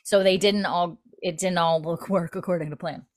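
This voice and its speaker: This woman speaks at a moderate pace with a fairly low, fairly even voice while chatting with a co-host about a TV episode. Her retelling rambles, is thick with fillers, and includes quoted character lines.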